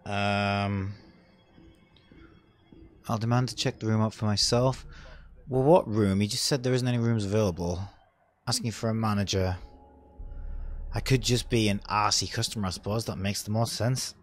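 A young man giving casual, sarcastic gameplay commentary, chatty and swearing, with sudden loud outbursts. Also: fairly low pitch, fairly even intonation, moderate pace, pauses often, a little hiss or hum. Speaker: let's play gamer.

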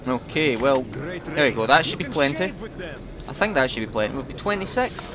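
This gaming commentator is a young man with a mid-range, expressive voice at normal speed. He talks to his audience in a chatty, jokey way while playing through a game.

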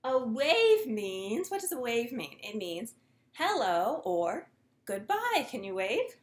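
A young woman, a children's librarian, reading a picture book aloud to little kids in a gentle, sing-song way and inviting them to join in. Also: a little high, very animated, takes it slowly.

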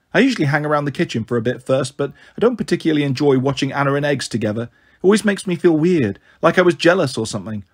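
A man's voice: on the high side, husky. A man reading a first-person novel aloud in a wry, sulky narrating manner. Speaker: audiobook reader.

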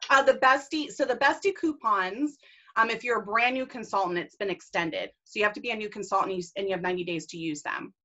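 A woman's voice: medium pitch, fast talker, pushed and bright, muffled recording. A woman leading a team video call, enthusiastic, casual and gushing as she encourages her group. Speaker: team leader and mentor.

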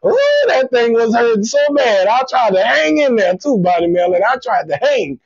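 A man with a high, gravelly voice tells raunchy stories on a live comedy stream and breaks into loud shouts and groans. He chats with his viewers by name. The audio is dull and lo-fi, with a dry, close sound. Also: big pitch swings, moderate pace, no echo. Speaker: comedian hosting a live show. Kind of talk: raunchy comedic livestream monologue.

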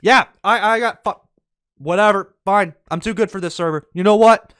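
A man with a high, smooth voice talks through his gameplay in a casual way. He lurches between panicky pleading and dry, sarcastic indifference. The sound is dry and close. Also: normal speed, no echo. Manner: excitable, panicky yelps and dramatic pleading; sarcastic, mock-indifferent asides. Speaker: gaming YouTuber.

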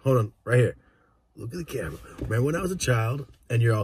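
A young man vlogging from inside a car, telling profane, animated stories in casual chat. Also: medium pitch, fast talker, a little hiss or hum.

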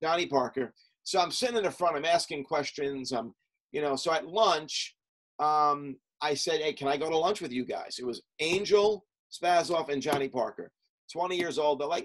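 A middle-aged coach, appearing as a podcast guest, recounts stories from his past in a casual interview full of fillers and quick lists. His voice is on the high side and a bit bright, and the recording quality is low.

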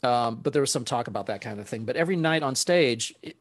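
A man's voice: medium pitch, fast, no room sound. A man, a guest saxophonist, telling stories casually and animatedly, laughing often and acting out what people said. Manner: animated, laughs often, acts out quoted speech. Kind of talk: casual storytelling.

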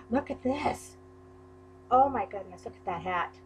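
A woman's voice: on the high side, lively intonation, a little slow, faint music behind, low-quality recording. A woman unboxing a crafting package in a vlog, gushing and exclaiming over each item. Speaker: crafting YouTuber. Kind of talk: unboxing a mail package on camera.

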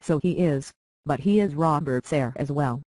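A reader doing a smooth, scheming lord. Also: mid-range voice, no room sound, lightly acted, low-quality recording. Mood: calculating. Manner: calm, measured, persuasive. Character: scheming middle-aged lord, smooth, calculating father. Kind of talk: audiobook character reading.

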